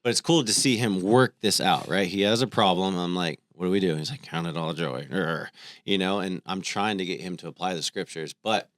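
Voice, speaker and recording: A man in his thirties, a podcast co-host, telling stories about his family in a relaxed, conversational way. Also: sits low, a little fast, no echo, studio quality. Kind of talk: casual faith conversation.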